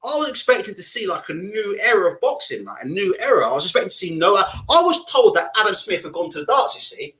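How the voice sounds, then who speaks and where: A man hosting a live boxing stream, reading viewer comments and ranting loudly in a deliberately amped-up, swearing way. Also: sits high, big pitch swings. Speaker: boxing channel host.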